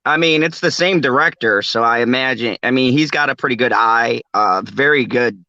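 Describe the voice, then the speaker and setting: A man's voice: mid-range voice, normal speed, pushed and bright, dry recording, lo-fi sound. A man hosting a casual late-night chat, rambling and laughing often. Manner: laughs often, rambling, does a mock Australian accent. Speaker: podcast host.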